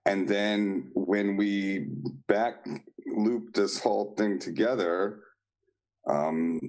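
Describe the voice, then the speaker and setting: A man, a guest on a live online show, talking in a halting way with many fillers and restarts. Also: fairly low pitch, fairly even intonation, darkish tone, rough recording. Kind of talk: casual live-stream chat.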